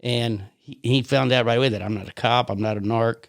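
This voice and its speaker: Older guy from the us spinning a story, gravelly voice, dry close sound, stumbles and repeats himself. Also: mid-range voice, a little fast, no room sound. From United States. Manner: animated anecdotal storyteller, repeats words, laughs often. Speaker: podcast guest. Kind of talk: casual storytelling chat.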